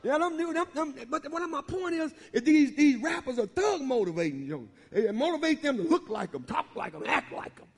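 A man preaching a sermon in a church, bantering with the congregation and building to loud preaching. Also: very high voice, big pitch swings, fairly quick, gravelly, hardly any pauses. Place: church sanctuary. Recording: long reverb of a church hall.

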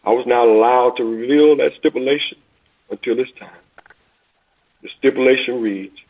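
A man's voice: medium pitch, steady tone, normal speed, breathy edge. A man voicing a persistent male auctioneer calling for bids insistently, on a tinny phone-like recording.

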